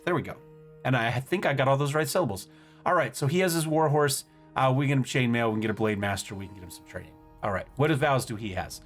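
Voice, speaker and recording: A man's voice: medium pitch, fairly bright tone. A man hosting a casual let's-play, thinking aloud as he plays and often stumbling over words. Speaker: gaming channel host.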